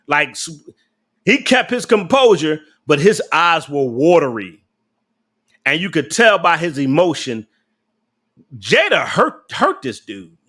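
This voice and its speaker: A man's voice: on the high side, very animated, slow pace, long pauses, sharp tone. A young adult man, casually ranting on a live stream, blunt and profane, laughing often and talking back to his chat.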